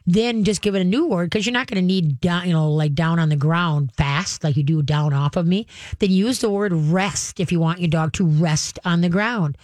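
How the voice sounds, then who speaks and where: A woman's voice: on the low side, moderate pace, few pauses, darkish tone, dry recording, studio quality. Chatty folksy woman radio host. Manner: folksy, chatty, acts out voices. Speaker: radio show host, dog trainer. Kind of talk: casual call-in radio advice.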